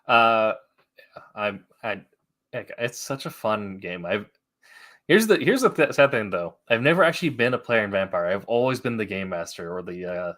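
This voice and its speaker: A man hosting a casual online trivia game, relaxed and laughing often, with many fillers. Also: lowish voice, normal speed. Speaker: trivia host.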